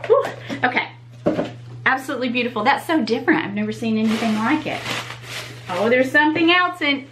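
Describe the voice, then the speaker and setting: High-voiced woman gushing over gifts. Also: lively intonation, fairly quick, noisy background. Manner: gushing, exclaims often in delight; talks straight to viewers. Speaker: YouTube channel host. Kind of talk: casual unboxing vlog.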